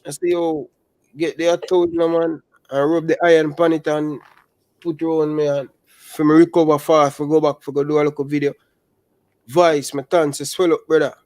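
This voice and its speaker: A young adult man with a Jamaican accent, chatting casually about football in animated patois. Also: fairly high pitch, normal speed, dry recording. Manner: animated, speaks Jamaican patois and calls listeners brother. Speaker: football channel host. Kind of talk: casual chat.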